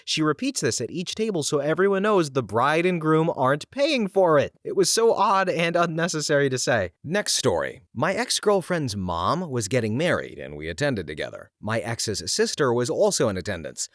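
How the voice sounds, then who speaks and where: A man narrating scripted stories in an expressive, animated way. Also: a little high, normal speed, hardly any pauses, no echo, studio quality. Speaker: story reader.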